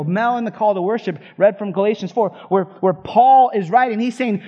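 A high-voiced man preaches a sermon with fired-up, conversational energy and quick asides to his listeners. The recording sounds a little dull and muffled. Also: expressive, a little mellow. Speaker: pastor.

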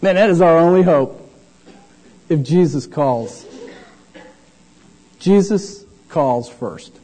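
A man preaching a sermon in an animated way, acting out the voices of the people in his story. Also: a little high, takes it slowly, poor audio. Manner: animated, acts out voices of the disciples and the blind man.

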